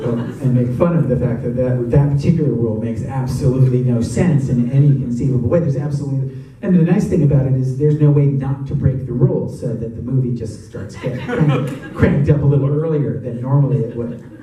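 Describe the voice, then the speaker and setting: Guy telling stories at a cinema q&a, warm dark tone, lots of laughing, booming room from way back. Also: brisk. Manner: animated, chatty, laughs often. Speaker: actor and guest of a Q&A. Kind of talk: audience Q&A storytelling. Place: cinema auditorium. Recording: echoey cinema from far off.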